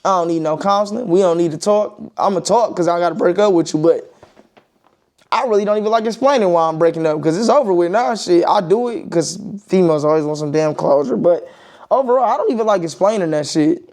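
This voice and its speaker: A man's voice: high voice, a little fast, a little mellow. Blunt, profane young-sounding man venting. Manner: blunt and profane, repeating points, emphatic. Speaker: vlogger giving opinions. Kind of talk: casual opinion monologue.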